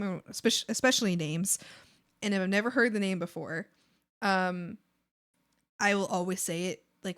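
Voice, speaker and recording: A young woman streams live and chats casually while she draws. Her American accent sounds like a native English speaker's, though Spanish was her first language. She rambles, restarts her sentences and fills the gaps with "um" and "like.". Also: mid-range voice. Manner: rambling, many fillers and restarts. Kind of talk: casual chat while drawing.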